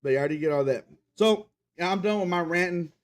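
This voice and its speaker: A man's voice: high voice, fairly quick. A man hosting a podcast, ranting casually and with plenty of swearing about sports fans and reading the live chat. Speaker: podcast host.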